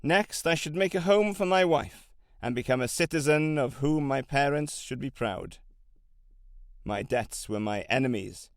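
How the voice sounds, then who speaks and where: A man narrates an audiobook in the voice of a determined, middle-aged camel trader who was once a slave, speaking in a measured, solemn way with old-fashioned phrasing. His mid-range voice is captured in studio quality with no room sound.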